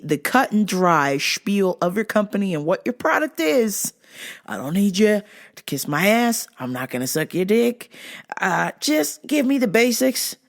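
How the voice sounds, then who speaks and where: A woman hosting a solo podcast, ranting loudly and swearing freely in casual chat. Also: mid-range voice. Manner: profane, loud, fired-up ranting. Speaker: podcast host.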